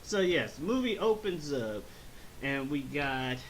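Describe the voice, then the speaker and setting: A man hosting a casual movie review chat, recapping scenes in an animated way with silly voices. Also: on the high side, slow, slight background noise, rough recording. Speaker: movie review podcast host.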